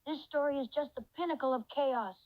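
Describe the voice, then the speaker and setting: A woman's voice: high-pitched, a little fast, no echo, narrow, tinny audio, lightly acted. A woman's synthetic voice playing a cheerful reindeer companion in an AI chat role-play, effusive and full of praise. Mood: amused. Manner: effusive, reads out its own laughter cues.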